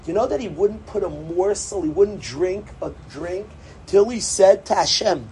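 Emphatic preacher at a gathering, mid pitch, rambling and repeating lines, faint noise behind. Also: lively intonation, measured pace, darkish tone, poor audio. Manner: emphatic and repetitive, mixing in Hebrew and Yiddish terms; rambling, broken-off phrases. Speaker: speaker addressing a religious gathering. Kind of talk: impassioned religious talk.

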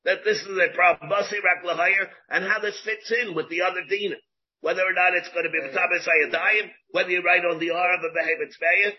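A man's voice: high voice, fairly even intonation, fairly quick, breathy edge. A man, a rabbi giving a Talmud class, who asks rhetorical questions, repeats his phrases and mixes in Hebrew terms, on a dull lo-fi recording.

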